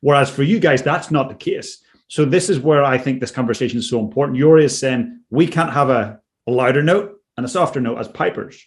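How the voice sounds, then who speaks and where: A man's voice: medium pitch, brisk, few pauses. Enthusiastic male drumming co-host. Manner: enthusiastic, affirming. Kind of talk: conversational lesson.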